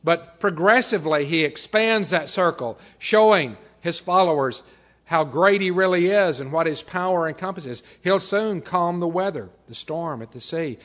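A man preaching a sermon as a pastor, reading scripture and often dropping to a quiet, measured delivery. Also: fairly high pitch. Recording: dull, slightly lo-fi recording.

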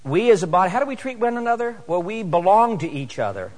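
High-voiced preacher in an echoey hall. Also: male voice, quick pace. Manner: animated, rising to emphatic exhortation. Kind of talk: sermon. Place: church sanctuary.

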